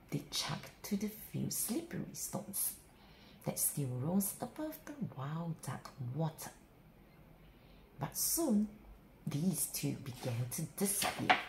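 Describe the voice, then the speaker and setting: Woman reading bedtime story, slow, expressive, sing-song, very wide pitch, echoey room, faint ambience. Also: a little hiss or hum. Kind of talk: children's bedtime story read-aloud.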